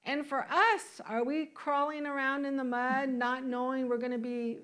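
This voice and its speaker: A woman's voice: high voice, fairly even intonation, normal speed, fairly bright tone, smooth. A woman minister giving a conversational sermon in a church, asking the congregation questions and laughing now and then. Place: church sanctuary.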